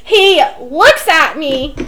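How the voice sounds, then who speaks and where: A young woman, co-hosting a podcast and telling stories in an excitable, giggly way. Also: sits high, very slow, poor audio. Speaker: podcast co-host. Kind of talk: casual chat.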